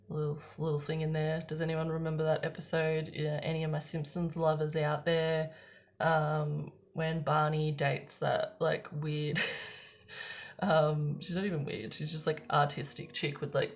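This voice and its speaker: A young woman giving a casual tarot reading in a chatty, rambling way, swearing freely and filling gaps with "um" and "like". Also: low-pitched. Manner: rambling, chatty and swearing, with frequent laughs and fillers. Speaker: tarot card reader.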